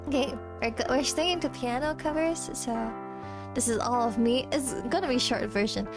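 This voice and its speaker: A woman VTuber streaming from home, chatting casually with her viewers between karaoke songs, giggling and breaking into quick asides as she reads the chat. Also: high-pitched, over music. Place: home room.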